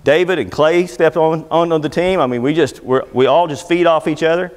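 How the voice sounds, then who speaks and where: A man's voice: on the high side, fairly even intonation, moderate pace, in a large hall. A middle-aged man speaking to a seminar audience, talking casually and folksily with jokes and anecdotes. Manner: folksy, joking, conversational storyteller. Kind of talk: motivational seminar talk. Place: seminar room before a live audience.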